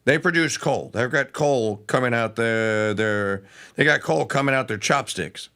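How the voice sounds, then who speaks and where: A male talk show host with a gravelly voice delivers opinionated political commentary. He makes sarcastic asides. His tone is bright and forceful. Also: medium pitch, a little slow.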